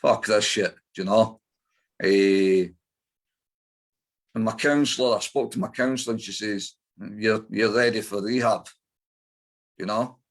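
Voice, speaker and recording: A man's voice: lowish voice, measured pace, long pauses. A middle-aged man with an Edinburgh Scottish accent, a guest in an interview, telling his life story bluntly with lots of swearing and fillers. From Scotland.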